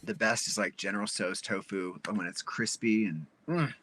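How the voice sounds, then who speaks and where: A man's voice: low-pitched, normal speed, sharp tone. A man co-hosting a live stream, chatting casually in an upbeat, playful way. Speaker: co-host, reverend.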